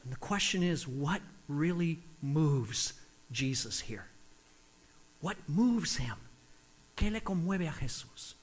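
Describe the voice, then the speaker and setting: Male preacher, high voice, animated, switches between English and Spanish line by line. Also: slow, husky. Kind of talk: sermon with own Spanish interpretation.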